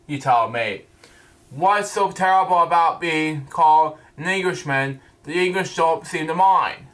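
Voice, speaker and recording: Halting male comic reviewer reading panels aloud, fairly high pitch, slow delivery with restarts. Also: a bit bright. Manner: halting, stumbling over words and restarting.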